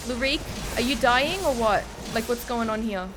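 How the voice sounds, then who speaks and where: Slightly high-pitched and speaking at a normal speed, a tipsy woman provides live commentary as she plays. She swears, murmurs to herself and her viewers, and breaks into the odd panicked shriek over game music that comes through clearly.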